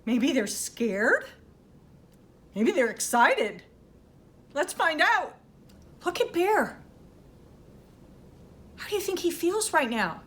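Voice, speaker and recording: A woman librarian reading a picture book aloud to children, animated and stopping to ask them questions. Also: high-pitched, slow, pauses often. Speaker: children's librarian storytime host.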